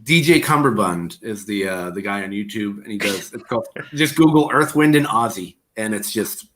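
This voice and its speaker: A man with a Boston accent chatting on a podcast as a guest comedian. He is animated and jokey, quick to riff and tell listeners what to check out. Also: on the low side. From Boston area. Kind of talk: casual podcast chat.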